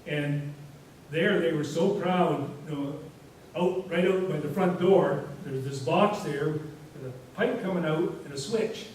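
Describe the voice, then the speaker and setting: A man's voice: fairly high pitch, measured pace, hardly any pauses, darkish tone. A man giving a presentation to a society, telling rambling anecdotes in a casual way with lots of fillers. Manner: rambling, anecdotal, frequent "you know" fillers. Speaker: guest speaker. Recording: echoey hall from far off, faint hiss.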